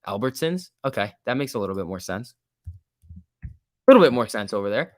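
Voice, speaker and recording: A man's voice: lowish voice, big pitch swings, a little fast, no room sound, studio quality. A man casually commenting on a livestream and reading out chat, laid-back and chatty, laughing often. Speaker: stock market livestream host.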